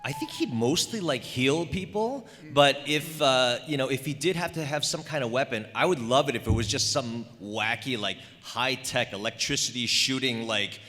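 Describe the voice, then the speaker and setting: A man's voice: mid-range voice, normal speed, hardly any pauses, bright, forceful tone. A man in his forties on a convention panel, easygoing and rambling as he tells a story, recorded in an echoey convention hall. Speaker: voice actor panelist.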